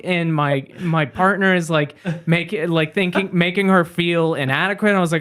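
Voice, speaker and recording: A man's voice: sits high, moderate pace, hardly any pauses, clear, resonant tone. A man hosting a podcast, telling tour stories in casual chat and acting out the quotes with lots of energy. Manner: animated storytelling, acting out quotes. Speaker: podcast host.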